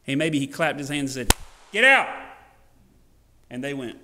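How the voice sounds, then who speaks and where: A man preaching a sermon in a church, animated and folksy, acting out scenes and joking with the congregation. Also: mid-range voice, fast, background noise. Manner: animated, acts out scenes in varied voices. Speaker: pastor. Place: church sanctuary.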